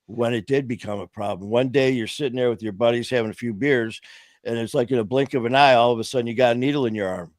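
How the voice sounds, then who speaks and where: A man hosts a casual talk stream with impassioned, rambling storytelling. His voice sits at an ordinary middle pitch, and the filler words keep piling up. The sound is dry and close, with no room echo. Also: fast talker. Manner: impassioned, rambling, heavy with "you know" fillers. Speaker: host of a recovery talk stream.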